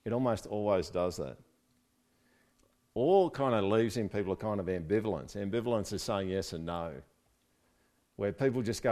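A man's voice: fairly low pitch, normal speed, pauses often, a little mellow. A man preaching a casual, conversational sermon, with joking asides and frequent "right?" check-ins to his listeners. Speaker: pastor.

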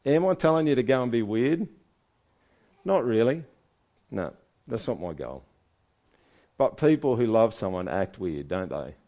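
A man's voice: medium pitch, big pitch swings, measured pace, pauses often, warm tone. A man preaching a sermon in a conversational way, asking his listeners one rhetorical question after another. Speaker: pastor.

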